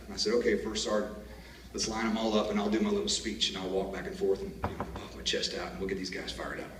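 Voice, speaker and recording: A man's voice: sits low, fairly even intonation, quick pace, slight background noise. A man gives a graduation speech, telling army stories in a joking, folksy way. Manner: folksy storyteller, jokes and laughs at his own stories. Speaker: graduation speaker. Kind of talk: commencement speech. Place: large hall. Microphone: far camera. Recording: echoey hall, distant camera.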